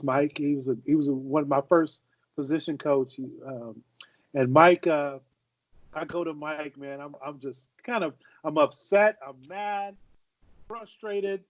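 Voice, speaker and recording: Man in his 40s telling stories, higher-pitched. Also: no echo. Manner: anecdotal, repeats and restarts phrases. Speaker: podcast co-host, former football player. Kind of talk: casual storytelling chat. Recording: dull, dry lo-fi audio.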